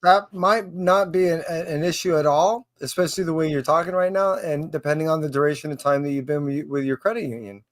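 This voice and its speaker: A man with a somewhat high voice talks in casual chat. He lectures persistently, laying out his argument at length and returning to it. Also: fairly even intonation, a little fast, few pauses.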